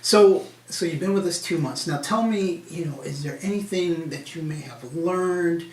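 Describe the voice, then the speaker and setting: A man casually interviewing a colleague in an office, asking relaxed, chatty questions. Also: a little high, normal speed. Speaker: interviewer, company head. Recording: echoey room from a distance.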